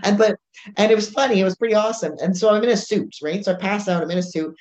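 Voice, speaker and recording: A woman, a strongwoman competitor, chatting casually and telling animated stories, acting out what people said to her. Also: medium pitch, fast talker. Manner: animated storyteller acting out dialogue. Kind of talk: casual chat. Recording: roomy, dull lo-fi sound.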